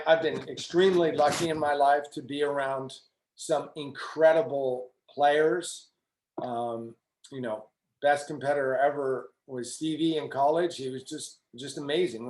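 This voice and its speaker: A man's voice: a little high, roomy sound. A middle-aged man, a tennis coach, talking in a webinar, telling stories with quoted asides and frequent "you know". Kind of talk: webinar talk.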